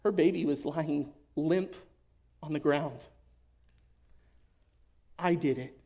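A man giving an emotional personal testimony to his church, earnest and halting, often dropping to a hush. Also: on the high side, slightly rough. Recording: dull lo-fi recording.

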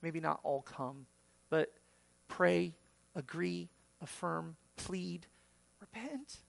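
A man's voice: on the high side, expressive, very slow, gravelly. A man preaching a sermon as pastor, acting out quoted voices and rising sharply for emphasis.

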